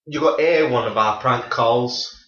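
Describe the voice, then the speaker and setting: A man's voice: medium pitch, a little slow, bright, forceful tone. A man co-hosting a podcast in casual chat, often cutting in and apologizing. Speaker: podcast co-host. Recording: distant, dull, roomy home recording.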